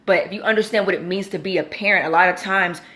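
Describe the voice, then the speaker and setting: Young woman, lowish voice, casual testimony, lots of fillers, acts out quotes. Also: fairly even intonation, quick pace, a bit bright. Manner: conversational, many fillers like "you know"; acts out quoted lines with big pitch jumps. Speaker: Christian vlogger.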